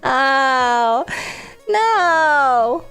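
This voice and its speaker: A woman's voice: sits high, expressive, drawn-out words, a bit bright, faint music behind. A woman streamer chatting casually with a stuffy, congested nose, rambling and laughing often. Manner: rambling, filler-heavy, frequent laughs.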